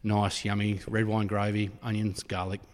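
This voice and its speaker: A man's voice: on the low side, little pitch movement, normal speed. An Australian man who owns a pie shop, chatting casually in an interview and rambling with plenty of "sort of" fillers. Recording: reverberant room.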